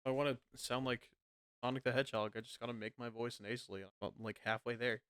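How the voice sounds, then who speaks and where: A man's voice: mid-range voice, fairly even intonation, quick pace, a bit bright, clean tone, no room sound, studio quality. A man hosting a podcast in casual chat, laughing often and stumbling over his words as he tells stories. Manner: laughs often, stammers and restarts. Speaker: podcast host.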